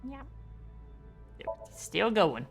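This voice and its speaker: A woman casually commenting while she plays, lively and bouncy in pitch, cursing and laughing along. Faint game music runs underneath. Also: extremely slow, gravelly. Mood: joking. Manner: chatty, swears, laughs at the game. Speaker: VTuber streamer. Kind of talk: casual let's-play commentary.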